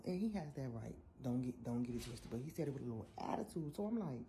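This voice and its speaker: A young woman, telling an animated, sassy story in a casual vlog. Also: very deep voice, fast talker, few pauses, slight background noise. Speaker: vlogger.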